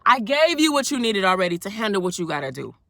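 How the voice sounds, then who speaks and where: A woman's voice: medium pitch, very animated, quick pace, background noise. A woman giving an impassioned, emphatic faith pep talk, recorded on her phone in a parked car. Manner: fervent, emphatic, preacherly and colloquial. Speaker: faith vlogger.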